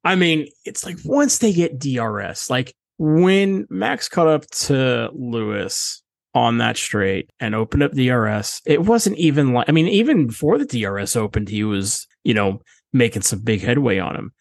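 A man's voice: mid-range voice, expressive, moderate pace, gravelly, dry recording. A man co-hosting a casual podcast, rambling and opinionated, swearing often. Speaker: podcast co-host. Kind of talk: casual chat.

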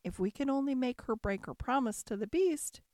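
A woman's voice: high voice, animated, moderate pace, a little mellow, no echo, clean studio sound, pitched above the performer's own voice. A woman voicing two envious, scheming sisters in a storybook reading. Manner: resentful, conspiring.

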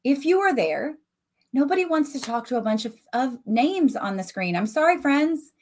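A woman's voice: high voice, expressive, moderate pace. A woman with a Southern US country accent hosting a casual solo podcast, talking directly and animatedly to her listeners. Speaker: podcast host and coach. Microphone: voice message recording.

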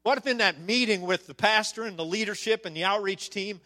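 A man telling a story in a sermon to a congregation, animated and checking in with the audience as he goes. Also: high-pitched, brisk. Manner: animated, with frequent "okay?" asides to the audience. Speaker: speaker on church outreach. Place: church service before a congregation.

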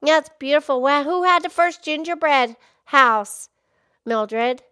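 Squeaky excitable pig host, a woman doing the voice, high sing-songy kids podcast chatter. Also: a little slow. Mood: cheerful. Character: bubbly, chatty female pig show host. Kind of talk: in-character kids' podcast chat.

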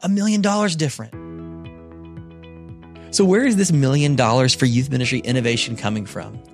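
A man narrating a podcast in a measured, earnest scripted style on a close mic. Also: mid-range voice, gravelly, faint music behind. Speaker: podcast host.

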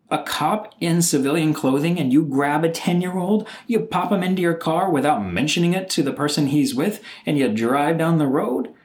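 Middle-aged guy telling a wild story, super animated, voice jumps all over, kinda exasperated. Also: a little high. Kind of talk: personal storytelling monologue.

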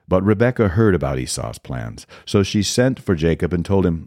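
Low dark-voiced male scripture reader, measured delivery, dry close sound. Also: no room sound. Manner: steady, measured reading. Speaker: podcast host reading scripture. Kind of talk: scripture reading.

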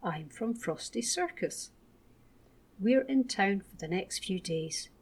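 A woman's voice: medium pitch, animated, slow pace, breathy edge, full character voice. A woman voicing a friendly, tall male circus giant who cheerfully invites people to his show.

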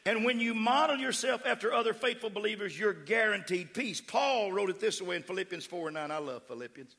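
Brief: middle-aged West Texas preacher, fervent, slightly high, gravelly, church echo. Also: male voice, expressive, a little fast, pushed and bright. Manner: fervent, emphatic preaching with crowd call-outs. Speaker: pastor. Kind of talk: sermon. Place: church sanctuary. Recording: echoey church hall.

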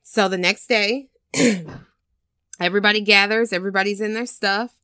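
Woman storyteller, casual chat, animated and profane, dry close mic. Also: mid-range voice, moderate pace, no room sound. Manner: animated storytelling with swearing and acted-out quotes. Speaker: podcast co-host retelling a film.

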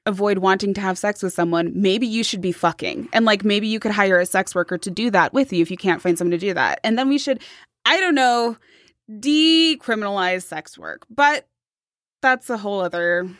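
A woman's voice: mid-range voice, moderate pace, no echo, studio quality. A young woman co-hosting a podcast in casual chat, emphatic and profane, talking in bursts with fillers. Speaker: podcast co-host.

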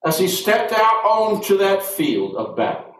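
Brief: man preaching, very animated delivery, bursts of shouting, echoey room. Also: high-pitched, measured pace, a little hiss or hum. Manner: animated, calls on the congregation; shouting at peaks. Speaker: pastor. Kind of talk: sermon. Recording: roomy hall sound from far off.

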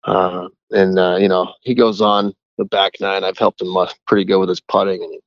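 A man's voice: sits low, little pitch movement, normal speed, no room sound, dull audio. A man who works as a caddie, telling a rambling story in a casual voicemail. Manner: chatty, rambling.

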